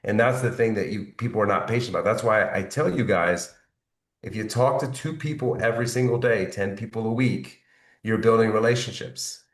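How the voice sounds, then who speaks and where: A man's voice: fairly low pitch, fairly quick, reverberant, far from the mic. A man coaching his team on sales follow-up, motivational and repetitive, often checking in with "right?". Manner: motivational, repeats points, asks "right?". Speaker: network marketing team leader.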